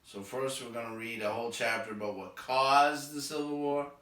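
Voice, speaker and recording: A man's voice: mid-range voice, moderate pace, bright, forceful tone, far from the mic. A man with a Boston accent, a teacher, reading a textbook chapter aloud and dropping in wry, sardonic asides. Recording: echoey room, voice off-mic.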